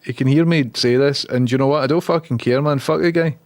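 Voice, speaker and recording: A man's voice: mid-range voice, brisk, a little mellow, no echo. A man with a Glaswegian accent streaming casually, swearing and muttering as he fixes his tech. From Scotland. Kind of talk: casual live-stream chat.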